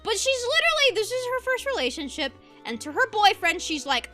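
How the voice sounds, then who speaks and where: Animated high-voiced young woman streamer. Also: fairly quick, few pauses, faint music behind. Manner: passionate, ranting; animated, laughs easily. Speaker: VTuber streamer. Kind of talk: casual live-stream commentary.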